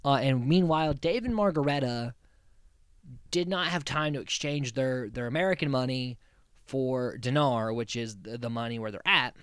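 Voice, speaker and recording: A man's voice: mid-range voice, moderate pace, clear, resonant tone, no echo, studio quality. A man hosting a casual recap podcast, rambling and amused, with many restarts and frequent laughs. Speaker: podcast host.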